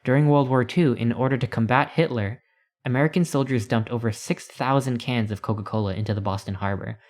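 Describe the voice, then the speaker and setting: A man's voice: mid-range voice, a little fast, darkish tone, natural voice. A man voicing a pompous old tour guide in colonial dress, read from a text adventure. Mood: proud lecturing. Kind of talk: reading a text adventure aloud.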